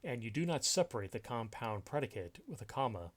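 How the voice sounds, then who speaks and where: A man's voice: medium pitch, very animated, a little fast. A man teaching a recorded grammar lesson over slides, explaining step by step with many fillers and restarts. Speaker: writing instructor.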